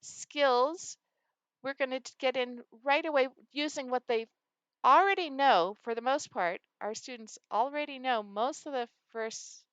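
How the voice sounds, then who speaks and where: Lady teacher walking through a phonics game, smooth higher voice, dry close sound. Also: measured pace, no echo. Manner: animated, acts out student answers. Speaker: reading teacher. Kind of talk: explaining a classroom phonics game.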